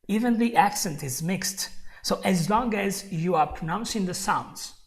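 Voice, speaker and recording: A woman giving a live online English lesson, who repeats her key points, chuckles often and calls the viewer "my friend". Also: mid-range voice. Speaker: English teacher.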